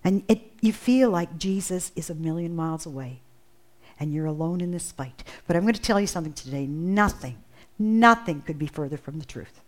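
A woman's voice: on the low side, lively intonation, normal speed. Earnest woman preaching a sermon. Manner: earnest, builds in intensity with emphatic repetition.

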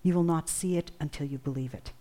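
A woman's voice: sits low, fast, dark tone. A woman preaching a sermon in an earnest way, building intensity through emphatic repetition.

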